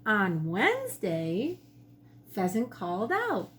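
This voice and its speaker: A woman, a teacher, reading her own picture book to children from her home kitchen with gentle, expressive storytelling. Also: on the high side, slow pace, a little hiss or hum.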